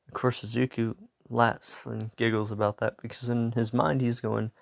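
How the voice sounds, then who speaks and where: A man's voice: medium pitch, flat delivery, moderate pace, gravelly, hardly any pauses, no echo, studio quality. A young man casually telling a fan story, rambling and interrupting himself, laughing at his own asides.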